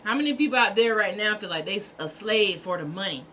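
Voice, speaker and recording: A woman's voice: mid-range voice, expressive, fast talker, bright, forceful tone, a little hiss or hum. A woman hosting a livestream, delivering a fervent, preachy monologue in repeated punchy phrases, sometimes profane. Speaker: livestream host.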